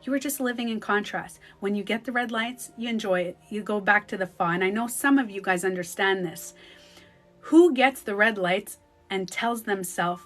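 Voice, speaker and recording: A woman talking casually as a spiritual coach on a phone livestream, animated and acting out the voices she quotes. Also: mid-range voice, moderate pace, soft background music.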